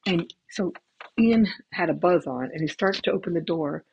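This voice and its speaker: A woman's voice: lowish voice, moderate pace, vocal fry, darkish tone, slight background noise. A woman hosting a podcast from home with her cats, telling chatty, rambling, profane stories into a headphone mic that cuts in and out, in a dull lo-fi recording. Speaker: podcast host. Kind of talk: casual storytelling. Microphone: headphone mic cutting in and out.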